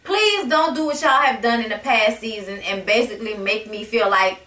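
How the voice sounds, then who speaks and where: A woman's voice: fairly high pitch, moderate pace, pushed and bright, far from the mic. A woman reviewing a reality TV episode in a sassy, blunt, profane casual rant. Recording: echoey room, voice a bit off-mic.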